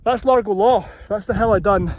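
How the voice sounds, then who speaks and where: A man's voice: high-pitched, moderate pace. Breathless man hiking uphill. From Scotland. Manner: chatty, breathy from climbing, marvels at the view. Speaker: running vlogger. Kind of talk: casual vlog while hiking. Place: steep hillside outdoors.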